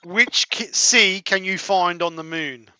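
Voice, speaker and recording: A man hosting a live online quiz, reading out questions in a brisk, joking manner. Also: high voice, bright, forceful tone, no echo. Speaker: quizmaster. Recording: slightly dull lo-fi mic.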